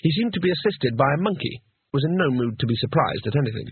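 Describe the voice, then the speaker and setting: A man narrating an audiobook in a lively, expressive storytelling way. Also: mid-range voice, fast, dry recording. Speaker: audiobook reader. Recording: husky, dry, phone-like narrow sound.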